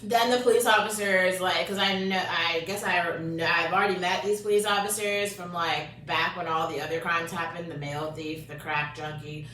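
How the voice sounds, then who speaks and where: Woman vlogger, crude storytelling rant, loud laughing bursts then low muttering, sharp voice, sits back from the mic. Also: steady tone, moderate pace, hardly any pauses, a little hiss or hum. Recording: echoey room, distant from mic.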